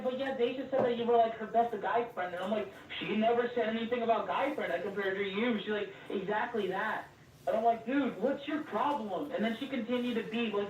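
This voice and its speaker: A young woman telling a story in casual chat, animated, swearing a lot and acting out both sides of an argument. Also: fairly high pitch. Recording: roomy, from a distance, faint noise.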